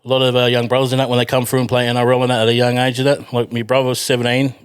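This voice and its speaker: A man's voice: mid-range voice, completely flat delivery, very fast, smooth. A man with an Australian accent, a podcast guest telling rambling stories in casual chat, full of fillers, restarts and the odd swear word.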